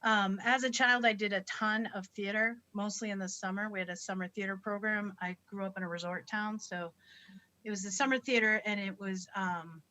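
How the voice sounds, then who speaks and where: A woman stand-up comic opening a personal story on a live video-call show, lively and upbeat. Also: medium pitch, moderate pace. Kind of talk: comedic storytelling.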